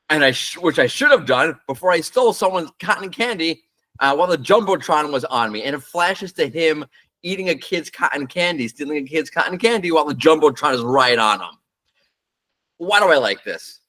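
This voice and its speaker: Expressive and sharp-toned, this man's mid-range voice moves at a normal speed as he hosts a marketing show. In casual solo commentary he bluntly airs his opinions on brand ads, talking unscripted with fillers.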